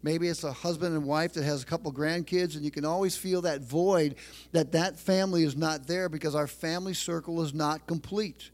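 A middle-aged man delivers a sermon from a church pulpit in a slightly raised voice. He preaches emphatically, circling back to repeated phrases and slowing down to stress key lines. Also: a little high, steady tone. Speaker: pastor.

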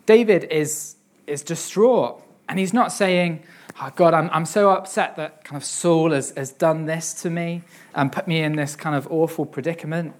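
Speaking a little high, a young man preaches on a psalm, first giving an earnest reading of the passage. His explanation afterward is full of pauses, filler words and repetition.

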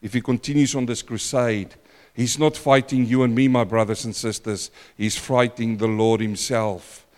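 A man preaching a sermon in a church, dramatic and repetitive, swinging between loud outbursts and hushed asides. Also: mid-range voice, fairly even intonation, moderate pace, long reverb tail.

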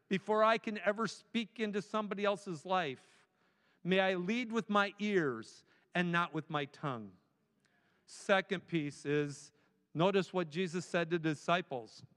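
In a big church sanctuary full of long reverb, a male guest speaker urges his listeners in a sermon built on emphatic repetition. His voice sits high with a fairly bright tone, and he takes his time.

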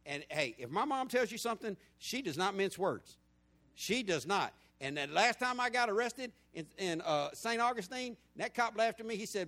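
A man, preaching a sermon in a lively storytelling way that swings between loud and hushed. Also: sits high, moderate pace. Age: 50s.

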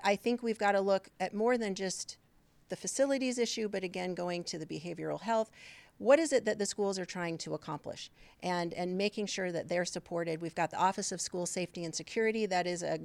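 Woman in a debate, calm and measured, crisp voice, no room sound. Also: fairly low pitch, dry recording. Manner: measured, policy-focused, some restarts. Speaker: debate candidate. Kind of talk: debate answer.

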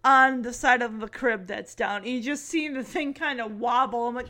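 A young woman giving a chatty, animated recap with quick asides. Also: a little high. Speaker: host recapping a sitcom. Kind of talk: casual commentary.

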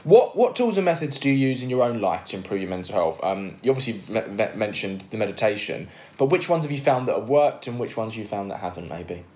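Fast-talking low-voiced man host. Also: big pitch swings, darkish tone. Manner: asks long, rambling questions. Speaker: podcast host. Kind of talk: casual interviewing.

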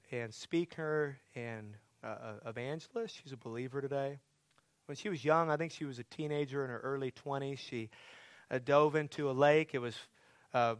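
A man's voice: medium pitch, dry recording. A man preaching a sermon as pastor, earnest, building to pleading, emphatic questions.

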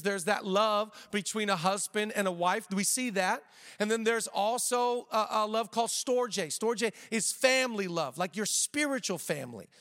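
High-voiced pastor preaching in a reverberant hall. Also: male voice. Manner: energetic, joking asides, slows for emphasis. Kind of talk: sermon. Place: church auditorium.

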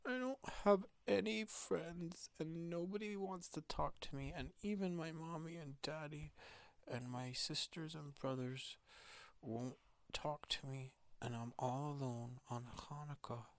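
A man's voice: fairly high pitch, measured pace, dry recording, pitched above the performer's own voice. Sad lonely young boy, plaintive, hesitant, bedtime story, voiced by a man.

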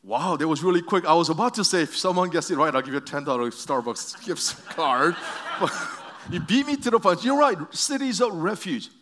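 With a high, expressive, fairly bright voice, a pastor speaks briskly and with few pauses. His sermon to the congregation is conversational, built on stories and questions, and he restarts himself frequently.

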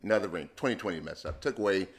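A man co-hosting a casual podcast chat, telling personal stories with halting restarts and frequent laughs. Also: sits low. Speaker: podcast co-host.

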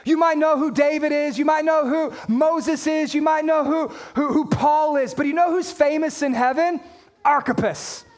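A pastor with a strikingly high voice delivers his sermon with lively energy. He talks in a conversational way, throws rhetorical questions at the congregation and reads scripture aloud. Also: normal speed.

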